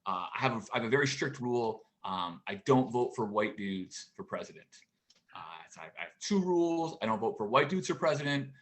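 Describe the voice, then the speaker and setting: A man in his forties performs stand-up from his home for an online show. He talks in a mid-range voice and delivers his lines in a halting, deadpan way, full of pauses and restarts. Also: medium pitch. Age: 40s. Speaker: stand-up comedian. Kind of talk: stand-up routine.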